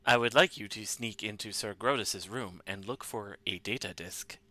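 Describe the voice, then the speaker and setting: A polite game computer, voiced by a man, speaking in measured, formal sentences with a bright, sharp tone. He sounds even and controlled throughout. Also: lowish voice. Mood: calm. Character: calm polite male computer intelligence.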